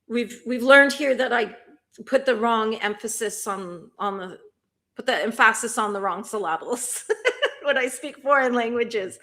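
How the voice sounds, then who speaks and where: A chatty woman hosting a relaxed livestream, talking to her viewers in a slightly high voice. She laughs often and fires off curious questions as she reads their comments. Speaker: livestream host. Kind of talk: casual chat reading viewer comments.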